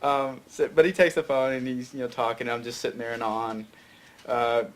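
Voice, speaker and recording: A man's voice: medium pitch, flat delivery, fairly quick. Young man from Tennessee, rambling story, lots of fillers, faint background hiss. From Fayette County, Tennessee. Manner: rambling, many fillers and restarts. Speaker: guest filmmaker. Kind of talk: casual storytelling interview.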